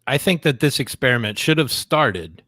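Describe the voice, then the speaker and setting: A man's voice: medium pitch, expressive, normal speed, bright, forceful tone, no echo, clean studio sound. A man co-hosting a podcast who teases and wisecracks through casual chat. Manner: teasing, wisecracking. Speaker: podcast co-host.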